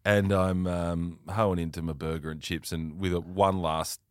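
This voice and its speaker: A man's voice: low-pitched, fairly even intonation, measured pace, dry recording, clean studio sound. A young Australian man, hungover, telling a story in casual podcast chat and laughing mid-sentence. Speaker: podcast co-host.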